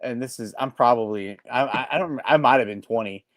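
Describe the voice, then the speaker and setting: A man co-hosting a podcast, telling a story in a rambling, animated way with lots of restarts and acted-out quotes. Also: medium pitch, brisk, dry recording. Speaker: podcast co-host. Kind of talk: casual chat.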